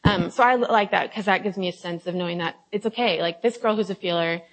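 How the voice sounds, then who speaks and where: A woman's voice: fairly low pitch, fast, poor audio. Chatty young woman leading a Bible talk. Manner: chatty, confessional, full of fillers and acted-out quotes. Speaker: Bible study leader. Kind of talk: casual devotional talk with scripture reading.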